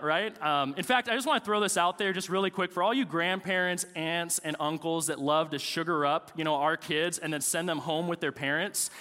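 A man's voice: high voice, bright, forceful tone, big-room sound. A man in his thirties, a pastor preaching a sermon with casual, joking stories about family life.

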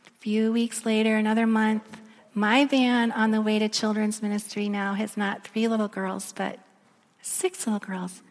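A middle-aged woman preaching a sermon, telling a personal story in a chatty, lively way full of fillers. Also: mid-range voice, moderate pace. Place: church hall. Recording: long reverb in a large hall.

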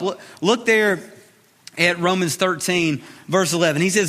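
A man's voice: high-pitched, measured pace, pushed and bright. A man in his thirties preaching a sermon in a conversational way, repeating short phrases for emphasis. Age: 30s. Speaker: pastor. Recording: reverberant hall.

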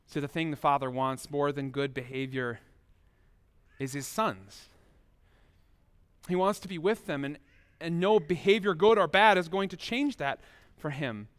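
A man with a notably high voice preaches a sermon as a pastor. He keeps it conversational and speaks straight to his listeners, often with rhetorical questions. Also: a little slow, clean tone.

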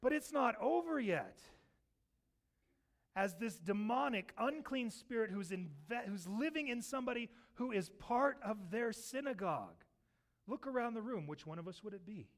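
High-voiced animated male pastor. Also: moderate pace. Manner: animated storytelling, acts out voices from the scripture. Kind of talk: sermon. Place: church sanctuary.

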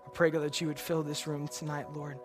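A man's voice: a little high, monotone, a little fast, over music. A man preaching a sermon and leading a closing prayer, earnest and direct, often checking in with "right?". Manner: earnest, repeats "God" and "Lord" in prayer; asks "right?" of the listeners.

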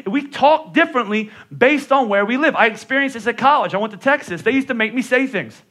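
A man's voice: extremely high pitch, animated, brisk, sharp tone. A middle-aged man with a Northeastern US accent, preaching a sermon as a pastor in a casual, joking manner. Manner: conversational and joking, with playful voice impressions.

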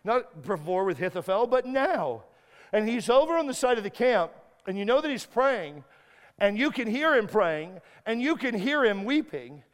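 Male guest preacher, clear resonant voice, high-pitched, emphatic and repetitive, echoing church hall. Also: very animated, moderate pace. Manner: emphatic, repeats words and restarts, acts out prayers. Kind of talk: sermon. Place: church sanctuary. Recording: long hall reverb.

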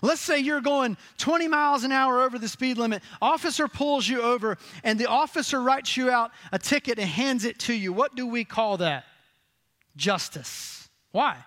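A man preaching a sermon, asking the congregation questions and answering them with lively emphasis. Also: very high-pitched, normal speed. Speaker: pastor.

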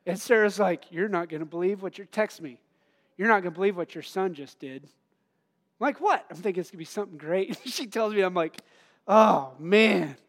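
A man's voice: high-pitched, expressive, brisk. A middle-aged man preaching a sermon in an earnest, conversational way, laughing at himself now and then.

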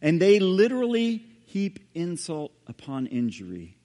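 A male pastor preaching a sermon and reading scripture aloud, dramatic, with sudden hushed low drops on key words. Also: animated, a little slow. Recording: long hall reverb.

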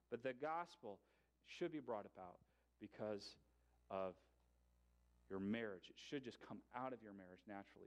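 A male pastor preaching a sermon in a conversational way, with light humor and pauses. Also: mid-range voice.

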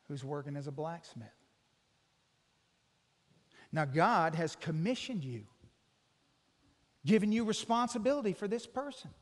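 A man with a notably high voice delivers a sermon, earnest and explanatory, often turning to ask his listeners questions. His voice carries a long reverb, as if it is filling a large hall. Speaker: preacher.

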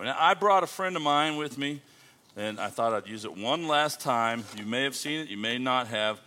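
A man with a medium-pitched, sharp voice speaks at a normal speed with lively intonation. He is a guest missionary opening a sermon in a church sanctuary, joking playfully with the congregation.

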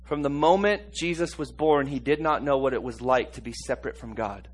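A male preacher shifts back and forth between slow, hushed sections and sudden loud, high-pitched outbursts. He chuckles frequently and keeps prompting the congregation to say things back to him.

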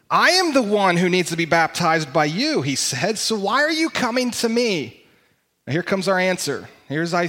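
High-voiced man preaching a sermon. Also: fairly bright tone. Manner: conversational, emphatic preaching with pauses. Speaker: pastor. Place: church sanctuary.

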